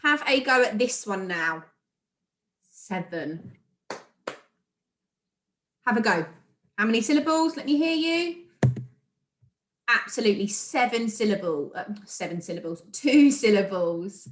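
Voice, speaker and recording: A woman's voice: a little high, very animated, normal speed, a bit bright, a little hiss or hum. A woman with a British accent, a primary school teacher recording a remote lesson, speaking encouragingly and sounding out words for young children. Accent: British English. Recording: echoey room.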